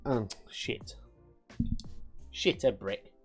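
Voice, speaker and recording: A man's voice: fairly low pitch, very slow, husky, soft background music. Sweary man on a live stream. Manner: sweary, mock-angry banter with chat. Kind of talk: casual live-stream chat.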